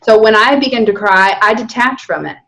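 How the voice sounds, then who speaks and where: A woman's voice: fairly high pitch, brisk. Candid, laughing woman podcast guest. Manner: candid, animated, laughs often. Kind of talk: casual spiritual conversation.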